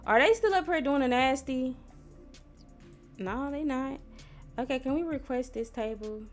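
A young woman from Missouri, chatting casually to viewers while she plays a life-sim game, squealing when something excites her. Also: sits high, unhurried. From Missouri, USA. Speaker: gaming streamer. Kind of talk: casual gameplay commentary. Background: soft R&B background music.

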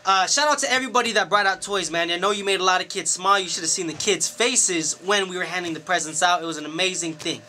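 A man who works as a DJ and promoter, telling a story to camera in a casual, animated and profane way, full of slang. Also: high voice, quick pace, few pauses, a little hiss or hum. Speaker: DJ and club promoter.

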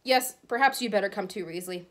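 A stern older schoolmistress delivers rules and warnings in a firm, formal storybook voice, read by a woman. The voice sits at an ordinary pitch and stays clipped and measured. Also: close to an everyday voice. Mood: grave. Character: stern older female professor.

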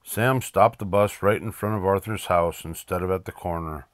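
An older man reading a children's picture book aloud in a lively, expressive way. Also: low-pitched, moderate pace, no room sound, clean studio sound. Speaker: storyteller.

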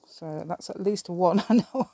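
Middle-aged woman, slightly low voice, rambling craft-video chatter with laughs and mumbled asides. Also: unhurried, vocal fry, mellow, dry recording. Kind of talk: casual chat while crafting.

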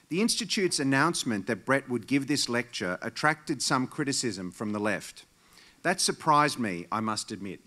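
A man introducing a keynote speaker at a dinner in a measured, earnest formal speech. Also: medium pitch, fairly bright tone. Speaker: institute director introducing the speaker. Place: large dinner hall.

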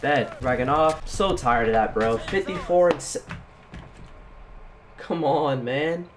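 A man hosting his gaming channel, commenting live on his shooter match in an excitable, slangy way. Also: fairly high pitch, slow. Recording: game gunfire behind voice. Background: gunfire and game sounds.

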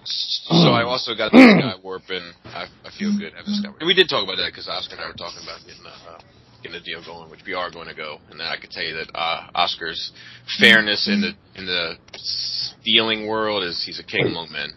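A man's voice: deep voice, fairly quick, a crowd in the background. A man hosting a podcast in casual, profane chat. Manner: profane, laughing. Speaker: podcast host. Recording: muffled lo-fi recording.

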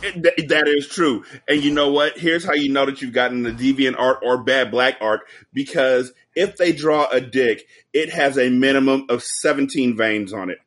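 A man's voice: medium pitch, moderate pace, few pauses, a bit bright. A man as a podcast guest, telling stories and jokes in a profane casual chat over a video call. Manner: joking, profane storytelling.

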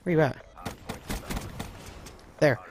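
Swearing, excitable young male gamer. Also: slow. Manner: frustrated, swearing, excitable outbursts. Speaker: gaming video creator. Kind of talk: live gameplay commentary.

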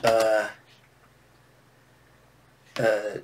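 A man's voice: fairly low pitch, monotone, extremely slow, a little hiss or hum. A man teaching comic scripting in a loose, rambling way, with many restarts and hesitations. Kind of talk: casual instructional talk.

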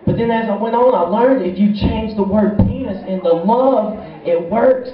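A man's voice: sits high, moderate pace. A young man doing a stand-up comedy set in a small club, rambling and profane with a laid-back stoner delivery. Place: small bar or club stage. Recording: echoey room, far from mic, dull lo-fi sound.

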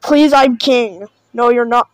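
A woman with a high, bright-sounding voice reacts to videos in a loose, chatty way, swinging between sarcasm and exaggerated fake panic. Her voice is recorded close and dry, with no room sound. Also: takes it slowly, dry recording, low-quality recording. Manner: mock-panicked, sarcastic, repeats "oh no, guys". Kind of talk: casual reaction commentary.

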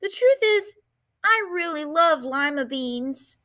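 A stubborn little schoolgirl from a storybook, whiny and emphatic, voiced by a woman reading aloud. Her voice jumps very high. She sounds young and dramatic. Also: brisk, pushed and bright, no room sound, clean studio sound. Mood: pleading.

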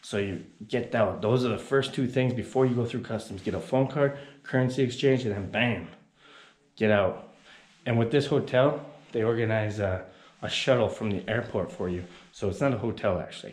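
A man's voice: on the low side, brisk, a little mellow. A man casually vlogging while walking through a city, chatting and giving tips to viewers. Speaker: travel vlogger. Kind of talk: casual travel vlog. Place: outdoors on busy city streets. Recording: noisy outdoor street recording.

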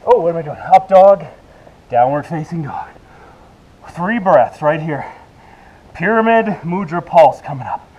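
A man's voice: a little high, animated, unhurried, pauses often, darkish tone, muffled recording. Breathless man coaching a workout. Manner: cueing moves and counting reps while exercising. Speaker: fitness instructor.

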